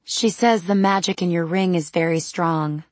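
A woman's voice: lowish voice, normal speed, no room sound, natural voice. A woman voicing a brash young female vampire clan leader who talks with cheeky self-confidence. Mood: serious.

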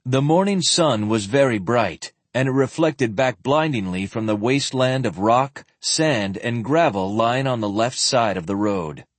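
Male audiobook narrator: husky, even read, dry close studio sound. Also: medium pitch, measured pace, few pauses, dry recording. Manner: steady, descriptive reading.

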